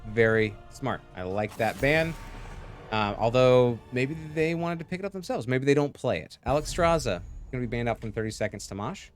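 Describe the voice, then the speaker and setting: A man's voice: medium pitch, expressive, normal speed, faint music behind. A man casting a live video game match, with goofy, jokey asides between calls. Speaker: esports caster.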